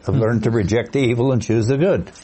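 A man's voice: medium pitch, quick pace, mellow, breathy edge. A man in a Bible study group joining the discussion and quoting scripture.

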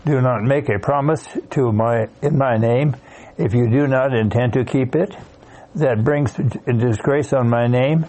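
A man in a Bible study class reading a scripture passage aloud, steady but with small slips he corrects. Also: mid-range voice, measured pace, rough recording.

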